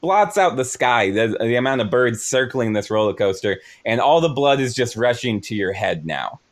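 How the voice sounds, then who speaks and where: Brief: playful man as game master, lively intonation, vivid scene descriptions. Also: medium pitch, normal speed. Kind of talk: narrating a tabletop game.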